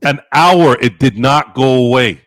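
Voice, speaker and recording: A man hosting a podcast, telling stories in casual chat, animated and profane, acting out his own past lines. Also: mid-range voice, a little slow, no echo, clean studio sound. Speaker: podcast host.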